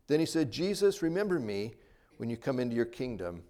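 A man's voice: medium pitch, animated, brisk, dark tone. A man preaching a sermon, earnest, rising and dropping his voice for emphasis. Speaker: pastor.

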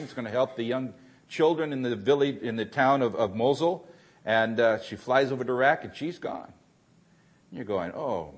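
A male preacher tells a story from the pulpit in a slightly husky, breathy voice. His pitch moves a lot, sinking low and quiet, then climbing as he builds intensity. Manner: storytelling, swings from hushed to rising intensity. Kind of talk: sermon.

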